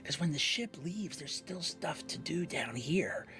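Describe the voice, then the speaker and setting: An eager teenage boy, put on by a man pleads with his dad in quick, hushed, excited bursts, his voice raised and bouncing around. Faint music plays behind. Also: on the high side, voice pushed up, heavily acted.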